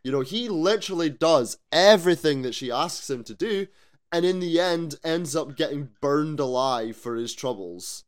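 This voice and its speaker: A man co-hosting a podcast in casual chat, animated, swearing freely and asking rhetorical questions. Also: a little high, normal speed. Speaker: podcast co-host.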